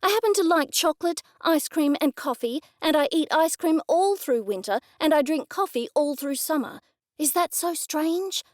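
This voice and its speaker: Woman narrator doing an indignant woman sleuth, snappish and defensive, high and loud, dry sound. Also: lively intonation, moderate pace, dry recording. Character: indignant middle-aged woman amateur sleuth.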